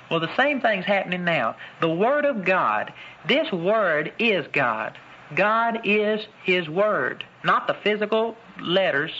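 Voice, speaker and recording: A man teaching a Bible lesson in an emphatic preaching style, repeating key phrases and slowing down to stress words. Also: high-pitched, sharp tone, highs cut off.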